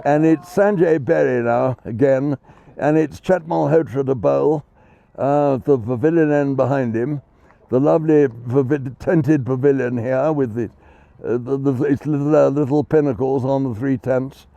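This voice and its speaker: Brief: cricket commentator, male, gravelly edge to a fairly high voice, whimsical and chatty, dull lo-fi dry sound. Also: a little slow, mellow, no room sound. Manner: genteel, chatty, self-deprecating. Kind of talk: live ball-by-ball commentary.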